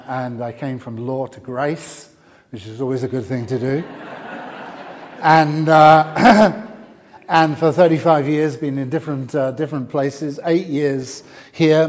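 A middle-aged man delivers a sermon at an unhurried pace, often restarting phrases and filling pauses. His voice carries through a large church with a long reverb tail. The recording sounds somewhat dull and muffled. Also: medium pitch. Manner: warm storytelling with frequent fillers and restarts. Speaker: preacher.

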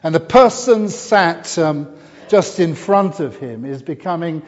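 A middle-aged man delivers a sermon at an unhurried pace, often restarting phrases and filling pauses. His voice carries through a large church with a long reverb tail. The recording sounds somewhat dull and muffled. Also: fairly high pitch, animated. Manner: warm storytelling with frequent fillers and restarts. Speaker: preacher.

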